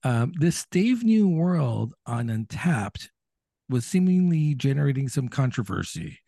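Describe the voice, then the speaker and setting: Gravelly, mellow-toned man chatting. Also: mid-range voice, sing-song, dry recording, studio quality. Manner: chatty, talks in quick restarts. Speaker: podcast co-host. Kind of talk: casual chat.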